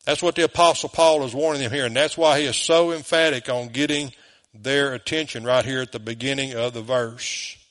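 A man's voice: medium pitch, fairly even intonation, brisk, a bit bright. A man with a Southern US accent, preaching a sermon as pastor, emphatic and full of rhetorical questions, in a church.

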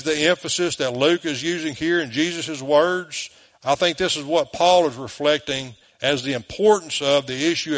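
Emphatic Southern pastor preaching. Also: male voice, a little high, a bit bright. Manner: emphatic preaching with rhetorical questions. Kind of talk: sermon. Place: church.

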